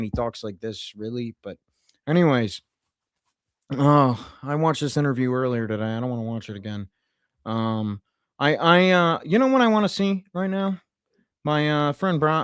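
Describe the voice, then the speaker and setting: A man livestreaming a satirical comedy rant in a mock-pundit persona, rambling with sarcasm and swinging between loud outbursts and muttered asides. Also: medium pitch, clean tone, dry recording, studio quality. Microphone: streaming mic.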